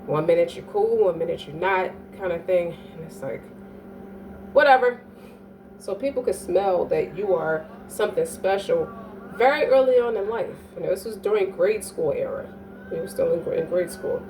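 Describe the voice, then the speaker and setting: A woman's voice: lowish voice, animated, moderate pace, darkish tone. A woman giving a casual astrology reading, speaking in a profane, emphatic way and often checking "you dig?". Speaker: astrology reader. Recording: distant mic with faint background noise.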